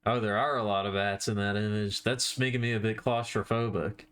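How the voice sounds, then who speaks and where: Low-voiced rambling man on a live stream. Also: steady tone, brisk, fairly bright tone, clean tone. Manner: rambling, self-deprecating, swears casually. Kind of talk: casual live-stream chat while drawing.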